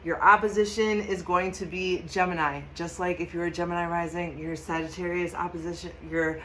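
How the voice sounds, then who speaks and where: A woman's voice: on the low side, fairly even intonation, a little fast, fairly bright tone, slight background noise. A woman giving a casual, enthusiastic tarot and astrology reading, talking emphatically, swearing freely and laughing often. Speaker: tarot reader.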